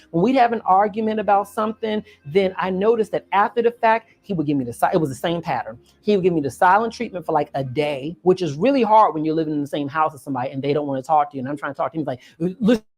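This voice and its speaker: A woman vlogger telling a personal story in a casual, expressive, emphatic way, often turning to the viewer. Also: lowish voice. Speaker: reaction channel host.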